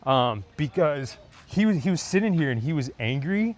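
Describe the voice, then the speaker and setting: A young adult man vlogging a storytime through a lapel mic on his shirt, retelling a tense encounter in an animated way, full of fillers like "like" and "dude.". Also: a little high, normal speed.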